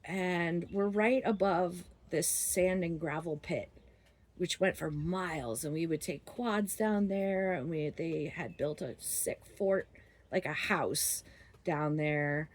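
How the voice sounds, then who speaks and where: A woman with a somewhat low voice tells a story in a loose, casual way. She rambles, leans on filler words and laughs often as she talks. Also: takes it slowly.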